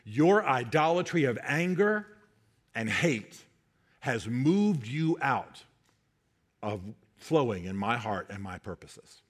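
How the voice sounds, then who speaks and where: A man preaching, voicing God as a compassionate, patient speaker who talks low and soft. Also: expressive, moderate pace, pauses often. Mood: earnest. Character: God, gently teasing and compassionate.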